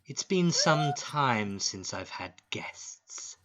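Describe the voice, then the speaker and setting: A man voicing a huge leering female spider creature who speaks with slow, silky menace. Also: mid-range voice, very animated, fairly bright tone, voice pushed up, heavily acted. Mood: menacing.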